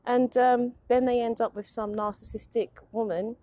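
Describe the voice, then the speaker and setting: A woman's voice: fairly high pitch, fairly even intonation, moderate pace, dark tone, dry recording. Chatty woman, laughing often. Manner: rambling, self-mocking, laughs often. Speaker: vlogger. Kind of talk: casual confessional chat. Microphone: phone or low-end camera.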